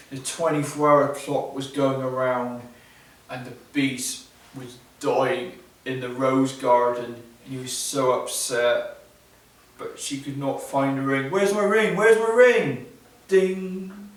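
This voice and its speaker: A man telling a fairy tale aloud at a live event, in simple, repetitive phrasing with pauses. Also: medium pitch. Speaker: storyteller. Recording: echoey hall from far off.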